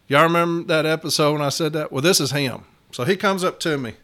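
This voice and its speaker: A man's voice: a little high, quick pace, few pauses, a bit bright. A man who is a union shop steward, telling a work story to his viewers in a blunt, profane, emphatic way and often addressing them directly. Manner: folksy, addresses listeners as y'all.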